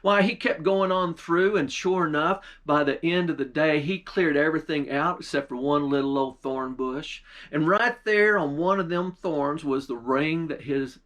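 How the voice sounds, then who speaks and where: A man's voice: a little high, normal speed, few pauses, a bit bright. A man, a pastor, telling a folk tale in a drawling, folksy storytelling manner.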